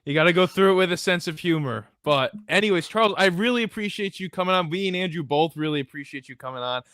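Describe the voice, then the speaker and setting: A young man hosting a chat, enthusiastic and quick to laugh. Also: high-pitched, expressive, fairly bright tone, no room sound, studio quality. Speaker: podcast host. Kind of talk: casual chat.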